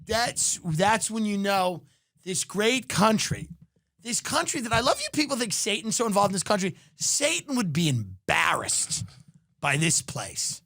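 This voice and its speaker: A man with a high, reedy speaking voice rants through a sardonic comedy monologue, recorded close and dry. He is a podcast host, and his ranting style keeps breaking into bursts of mock shouting. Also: very animated, unhurried, creaky, dry recording.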